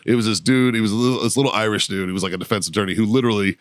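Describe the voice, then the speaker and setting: A man's voice: lowish voice, steady tone, no echo, studio quality. A man, a podcast guest, telling a story in casual, profane chat and laughing often as he talks. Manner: profane, laughing, rapid anecdotal retelling. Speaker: podcast guest, show producer.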